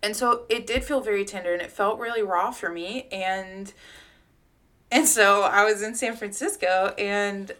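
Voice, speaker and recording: A woman co-hosting a podcast tells a personal story in a casual, heartfelt way, with plenty of fillers and some swearing. Her medium-pitched voice is a bit bright and unhurried.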